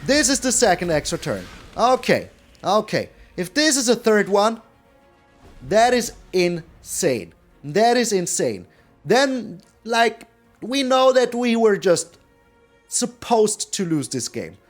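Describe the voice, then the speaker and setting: A man giving live gameplay commentary as a card game streamer, animated and repeating his phrases with lots of mild swearing. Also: high-pitched, takes it slowly, faint music behind.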